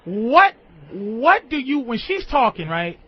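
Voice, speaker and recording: A man hosting a call-in radio show, loud, profane and excitable, constantly interrupting. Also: very high-pitched, slow, breathy edge. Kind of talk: crude call-in radio banter. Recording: dull lo-fi radio audio, faint hiss.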